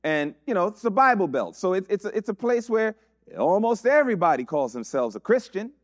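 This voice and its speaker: A man's voice: high-pitched, very animated, brisk, dry recording, clean studio sound. A man preaching a sermon, building his points through repeated rhetorical questions.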